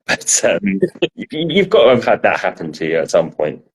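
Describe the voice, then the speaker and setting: A man's voice: on the low side, big pitch swings, moderate pace. A man with a South London accent co-hosting a podcast in casual chat, teasing and self-deprecating, with some swearing. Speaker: podcast co-host.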